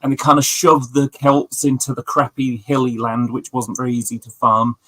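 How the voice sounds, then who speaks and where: A man's voice: medium pitch, little pitch movement, moderate pace, bright, forceful tone, no room sound, low-quality recording. A man chatting casually on a livestream with friends, telling long stories full of fillers and asides. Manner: rambling, storytelling with many fillers. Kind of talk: casual chat.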